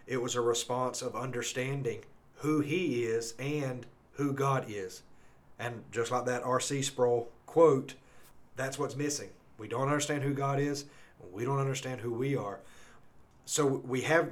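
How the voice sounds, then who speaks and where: Scripture gets a slow, emphatic reading from this medium-pitched man, who then rambles and restarts his sentences. He is an earnest podcast co-host giving conversational Bible teaching.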